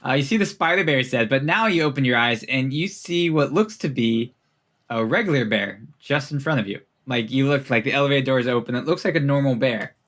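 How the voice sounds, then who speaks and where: A man's voice: medium pitch, lively intonation, brisk, fairly bright tone. A young man narrating as game master in a casual, laughing way, with many fillers.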